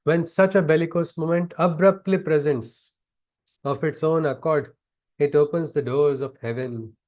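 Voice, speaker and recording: A man's voice: fairly high pitch, fairly even intonation, moderate pace, dull audio. A man chanting scripture verses and explaining them in an earnest teaching discourse over a video call. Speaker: spiritual teacher.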